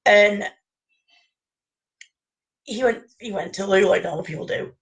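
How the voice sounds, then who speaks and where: A woman's voice: medium pitch, measured pace, gravelly, poor audio. A woman telling rambling anecdotes in casual chat, laughing often.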